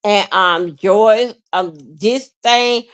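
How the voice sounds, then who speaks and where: A woman hosting a livestream, rambling in a halting, repetitive way with many fillers and plenty of emotion. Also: mid-range voice, clean tone. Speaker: livestream host. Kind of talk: rambling live-stream monologue.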